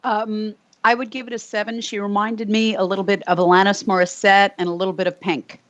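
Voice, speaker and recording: A woman's voice: mid-range voice, flat delivery, a little fast. A woman on a casual live-stream chat panel, playful and fond of wordplay. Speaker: panel guest.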